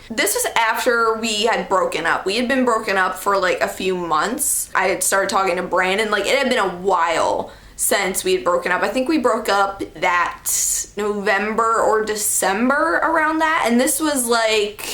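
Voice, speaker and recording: A woman's voice: medium pitch, echoey room. A young woman telling a personal story to camera in a casual, chatty way, full of "like" and "okay". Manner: chatty, animated, heavy use of "like" and "okay". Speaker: storytime vlogger.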